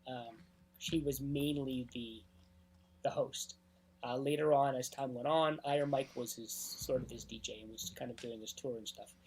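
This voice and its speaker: A man as a DJ guest in a casual interview, telling anecdotes at length and often clearing his throat. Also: medium pitch, steady tone, normal speed, darkish tone, a little hiss or hum.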